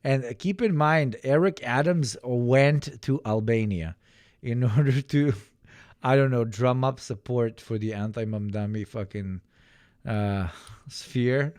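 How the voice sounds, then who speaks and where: A man riffs through a casual livestream reaction, sarcastic and quick to break into laughter. His voice sits at an ordinary middle pitch. The sound is dry and close, with no room around it. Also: darkish tone, clear, resonant tone, no room sound. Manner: joking, sarcastic, breaks into laughter, restarts sentences. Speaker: streamer reacting to online posts.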